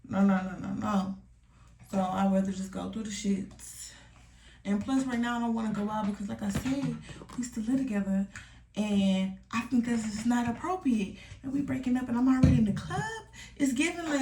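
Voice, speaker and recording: A young woman vlogs from home in a candid, slangy, confessional way, now and then sinking into soft asides. Her voice has a gravelly edge, and it sits a little back from the mic in a roomy-sounding space with a faint hiss behind it. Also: on the high side, fairly quick, distant mic. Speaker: vlogger. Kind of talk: casual confessional chat. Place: home room.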